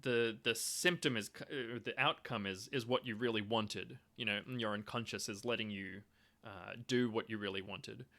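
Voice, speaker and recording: In a lowish, sharp-toned voice, a young man lectures on theory in a casual homemade explainer video. He hesitates a lot, filling it with ums and starting sentences over.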